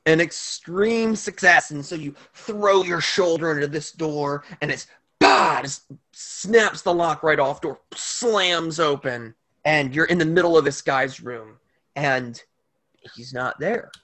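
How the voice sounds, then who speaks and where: Rambling male game master, slightly high. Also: slow, a bit bright. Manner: loose, filler-heavy narration. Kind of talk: narrating a tabletop game.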